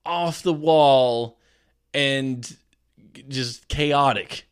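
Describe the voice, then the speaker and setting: A man's voice: mid-range voice, extremely slow, clean tone. A man co-hosting a podcast, reading a news story aloud and chatting casually, laughing often as he tells stories. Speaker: podcast co-host.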